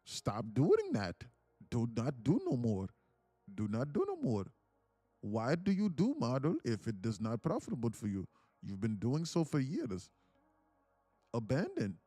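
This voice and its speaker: A man's voice: medium pitch, wildly swooping pitch, measured pace, warm tone, dry recording, faint music behind. A man voicing a blunt male trading mentor with an Indian accent, scolding in broken grammar.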